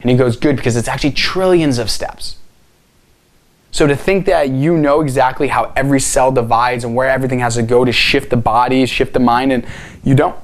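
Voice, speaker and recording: A man's voice: medium pitch, steady tone, a little fast. A man giving an earnest motivational talk to camera as a healing coach, speaking directly and asking many rhetorical questions.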